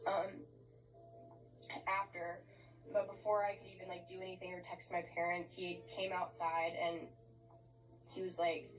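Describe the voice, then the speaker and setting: A woman giving an emotional personal account, shaken and halting, swearing often. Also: fairly low pitch, fairly even intonation. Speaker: interviewee recounting events. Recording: distant clip with faint music.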